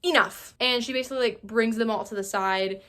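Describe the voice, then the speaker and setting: A woman's voice: fairly high pitch, steady tone, fast, fairly bright tone, smooth. A woman narrating a casual TV recap, chatty and full of fillers, acting out the characters' lines in a loose, conversational voice. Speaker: recap YouTuber.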